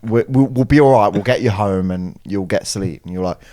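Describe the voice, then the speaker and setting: A man's voice: on the low side, brisk. A young man on a podcast, chatting casually and acting out friends' lines as he tells stories. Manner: animated storyteller, acts out friends' lines. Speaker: podcast co-host. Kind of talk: casual chat.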